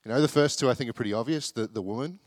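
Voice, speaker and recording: A young man preaches in a relaxed, joking way, slipping into the voices of the people in the story. His voice is mid-pitched, and the recording is close and dry, with no room echo. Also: very fast. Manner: chatty, self-deprecating, acts out the people in the story. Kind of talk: casual sermon.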